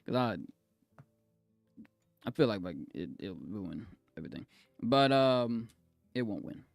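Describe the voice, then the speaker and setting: A man streaming live in casual chat, swinging between soft apologies and loud excited exclaims, laughing and cutting himself off often. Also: fairly low pitch, unhurried, gravelly, pauses often, dry recording, clean studio sound, faint music behind. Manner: self-interrupting, laughs often.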